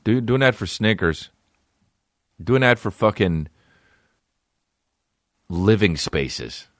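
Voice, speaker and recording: Profane man ranting in a low voice. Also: slow, dry recording, studio quality. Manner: profane, animated, riffing. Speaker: podcast host, comedian. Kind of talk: casual comedic rant.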